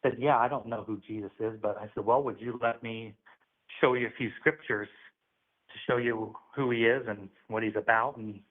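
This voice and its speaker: A man's voice: fairly low pitch, fairly even intonation, normal speed. A man calling in, telling a religious testimony in an earnest, preachy storytelling manner. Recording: phone-line audio.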